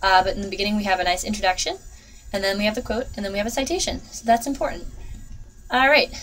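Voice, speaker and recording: A woman's voice: mid-range voice, fairly even intonation, fast talker, a bit bright, a little hiss or hum, low-quality recording. A young woman giving a casual writing tutorial, chatty and full of ums and uhs.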